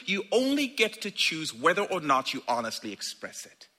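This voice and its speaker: Lively, husky-voiced male preacher. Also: a little high, a little fast, hardly any pauses. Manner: animated, conversational preaching with acted-out asides. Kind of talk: sermon.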